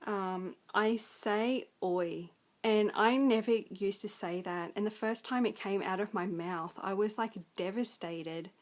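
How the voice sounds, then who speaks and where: A woman's voice: medium pitch, a little slow, hardly any pauses. A young Australian woman with an Australian accent, rambling through a casual film review full of ums and likes.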